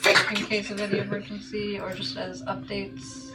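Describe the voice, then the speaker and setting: A woman's voice: medium pitch, completely flat delivery, normal speed, over loud music. A woman playing a tabletop game who asks the others questions in a casual tone. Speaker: player.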